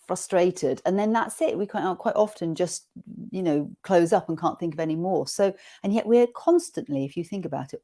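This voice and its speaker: A woman leading an online teacher-training session, guiding the group through an awareness exercise in a gentle, inviting way. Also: lowish voice. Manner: gentle, inviting, slows for guided reading. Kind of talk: guided classroom exercise.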